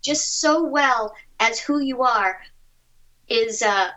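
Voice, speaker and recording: A woman's voice: on the high side, pushed and bright, highs cut off. A woman voice actress giving chatty, upbeat advice as an interview guest over a remote line. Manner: chatty, upbeat, quick asides. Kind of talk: casual interview answers.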